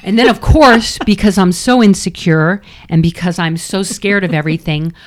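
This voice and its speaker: A woman's voice: on the low side, moderate pace. A middle-aged woman from New York, a former triathlete, telling a candid, self-deprecating story as an interview guest.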